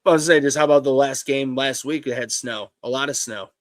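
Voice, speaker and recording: A man's voice: mid-range voice, no echo. A man co-hosting a live fantasy football show, arguing his points emphatically and swearing, often restarting his sentences. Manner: emphatic, halting, profane. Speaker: co-host.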